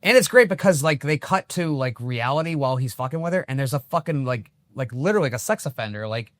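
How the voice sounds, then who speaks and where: Man, podcast co-host, casual and cussing, dry close sound, mid pitch. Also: lively intonation, fast, dry recording. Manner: swears often, laid-back storytelling. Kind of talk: casual movie recap chat.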